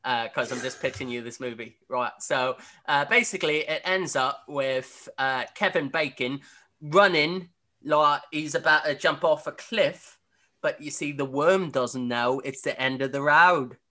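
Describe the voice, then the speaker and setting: Male co-host, bright tone, loose jokey pitching, laughs a lot. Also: a little slow. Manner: rambling, jokey, laughs often. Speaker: podcast co-host. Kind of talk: casual comedic chat.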